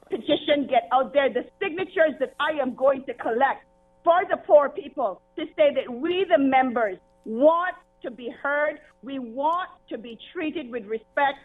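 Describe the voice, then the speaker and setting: A woman caller making an impassioned, repetitive complaint over the phone, upset and pleading. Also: high-pitched. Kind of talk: irate call-in complaint. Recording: tinny phone line.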